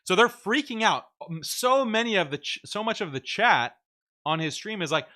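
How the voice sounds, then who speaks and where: A man hosting a casual commentary show, excitedly reacting and mocking quotes in a raised voice. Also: sits high, normal speed. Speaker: host. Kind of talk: casual commentary on a debate clip.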